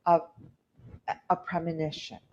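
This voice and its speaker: A woman's voice: fairly low pitch, flat delivery, moderate pace, dark tone, lo-fi sound. A woman hosting a podcast in casual chat, rambling through stories with acted-out quotes. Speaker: podcast host.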